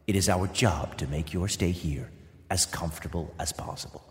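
Man doing hushed, dutiful invisible servants. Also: deep voice, normal speed, in a large hall, voice pushed down, natural voice. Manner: soft, hushed, formal.

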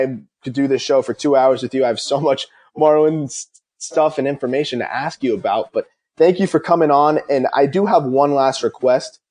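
A man's voice: a little high, darkish tone. A young man hosting a casual interview, talking eagerly and at length. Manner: eager, talkative. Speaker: host.

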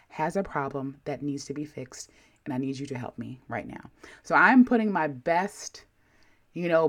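A woman telling a personal story to camera in a sassy, animated way. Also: deep voice. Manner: animated, sassy, talks straight to viewers.

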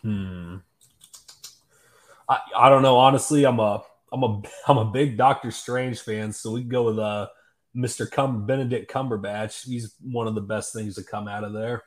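A man's voice: lowish voice, steady tone, normal speed. A man co-hosting a sports podcast, laid-back and a little hesitant, chuckling between thoughts. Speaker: sports writer and podcast co-host. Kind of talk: casual sports podcast chat.

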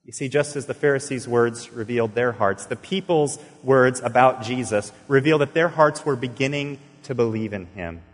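A man's voice: medium pitch, moderate pace, hardly any pauses. A man preaching a sermon as pastor, earnestly telling stories and acting out the dialogue in them. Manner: earnest storytelling, acting out dialogue with sudden bursts. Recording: long reverb of a large hall.

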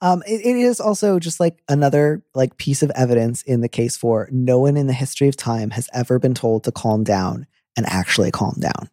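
A man's voice: mid-range voice, lively intonation, warm tone, no echo, clean studio sound. A man hosting an advice show in a casual, joking chat. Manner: playful, joking, quick asides. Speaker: advice podcast host.

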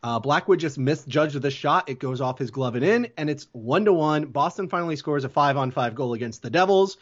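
Here the co-host's voice is a little high and a little fast, captured with lo-fi sound. He's chatting through a hockey game step by step, narrating each play with plenty of fillers.

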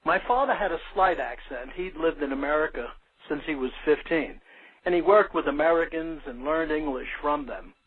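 A man's voice: a little high, normal speed, slightly rough. An older man from Brooklyn, New York, reading his own short story aloud in a plain, earnest way. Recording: narrow phone-like sound.

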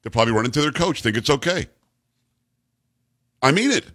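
A man's voice: mid-range voice, sing-song, brisk, fairly bright tone. A middle-aged man hosting a talk show, delivering a blunt, emphatic, repetitive opinion monologue. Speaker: radio talk show host. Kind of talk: opinionated monologue on sports news.

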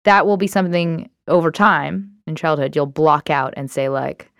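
A woman's voice: low-pitched, moderate pace, vocal fry, clear, resonant tone, no room sound, clean studio sound. A woman hosting a self-help podcast, talking in a candid, reflective way with many fillers. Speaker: podcast host. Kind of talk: casual self-help talk.

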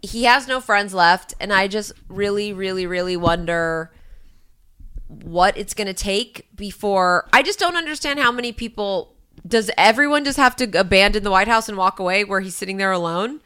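Brief: young woman co-host, bright and clear, profane and sarcastic, a bit tipsy. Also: mid-range voice. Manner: profane, sarcastic, rapid rants. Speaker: podcast co-host. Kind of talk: casual chat.

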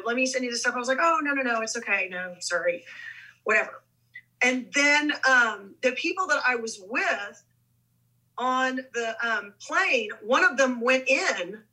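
A middle-aged woman tells stories in a casual interview, her voice high-pitched and bright with a breathy, husky edge. She throws herself into quoted lines, acting out the people in her anecdotes with lively shifts. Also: low-quality recording. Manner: animated, acts out quoted dialogue. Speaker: guest actress. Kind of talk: casual storytelling.

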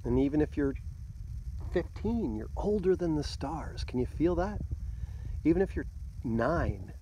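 Man in his fifties, podcast host, reflective solo talk, slow and unhurried, slightly raised pitch, phone mic outdoors, faint background noise. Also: expressive, poor audio. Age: 50s. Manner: slow and musing, laughs softly to himself. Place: outdoors by a lake at day's end.

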